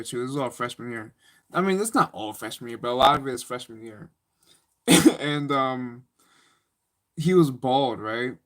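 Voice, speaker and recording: Rambling young man with slangy chat. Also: medium pitch. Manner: rambling, slangy, laughing storyteller. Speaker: live streamer. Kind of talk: casual live-stream chat.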